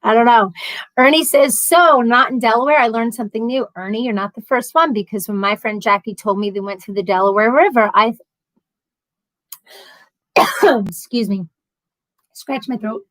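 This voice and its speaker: A middle-aged woman hosts a casual livestream, chatting animatedly as she reads out viewer comments. Her voice sits on the higher side, and the sound is dry and close with little room echo. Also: normal speed, long pauses. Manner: chatty and animated, laughs often.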